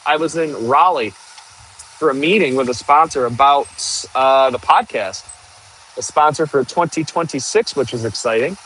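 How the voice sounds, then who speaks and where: A man's voice: mid-range voice, moderate pace, a bit bright, low-quality recording. A man, rambling and laughing as he chats to a live-stream audience while working outdoors. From northern Michigan, USA. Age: 30s. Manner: rambling, chatty, laughs often. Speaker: livestream host. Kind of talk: casual live-stream chat.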